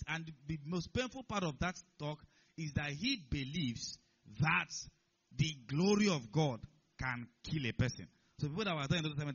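Man, preacher, sermon, emphatic, rhetorical questions, higher voice, muffled lo-fi recording. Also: husky. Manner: emphatic, rising to loud declarations.

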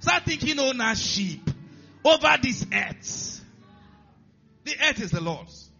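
Nigerian male pastor, bright and forceful delivery, swings from low mutters to shouts, muffled lo-fi recording with faint music behind. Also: takes it slowly, gravelly. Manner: animated preaching, acting out characters, rising to shouts. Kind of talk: sermon. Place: church.

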